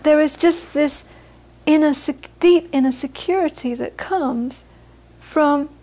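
Brief: bright high female voice, Buddhist teacher, chatty talk to listeners, loose and unscripted. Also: slow pace. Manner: conversational storyteller with frequent restarts. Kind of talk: dharma talk to a live audience.

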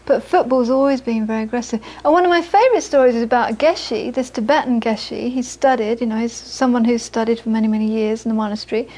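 A woman giving a Buddhist talk, telling stories with lively acted-out quotes and then turning soft and earnest as she teaches. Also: on the high side, fast talker, hardly any pauses. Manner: lively storytelling, acts out the people she quotes. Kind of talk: dharma talk to a small audience.

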